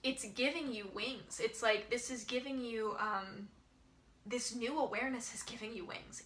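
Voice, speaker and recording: A woman giving a pick-a-pile tarot reading, musing gently and searching for words with many ums. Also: medium pitch, slight background noise. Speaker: tarot reader.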